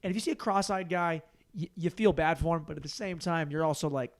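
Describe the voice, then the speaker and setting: A man's voice: on the high side, fast. A man in his thirties hosting a solo comedy podcast, telling stories and acting out the other people in them, with plenty of swearing. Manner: animated storyteller acting out voices, swearing freely.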